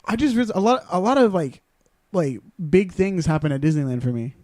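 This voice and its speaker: Young male co-host, halting and hesitant, somewhat high and mellow, dry close mic. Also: lively intonation, dry recording. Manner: hesitant, halting, many restarts. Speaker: podcast co-host. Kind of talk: casual chat.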